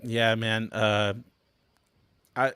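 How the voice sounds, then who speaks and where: A man's voice: lowish voice, flat delivery, very slow, a bit bright, clear, resonant tone. A man who is a pastor, a guest on a casual livestream, easygoing and laid-back as he chats.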